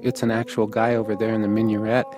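A man's voice: on the low side, flat delivery, fast talker, over music. A man from the United States narrating a first-person story in a matter-of-fact, observational way.

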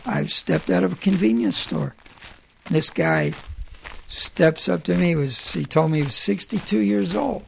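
A middle-aged man telling stories in the first person about walking across the country, in a plainspoken, conversational way with halting restarts. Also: high voice, sing-song, vocal fry, a little hiss or hum.

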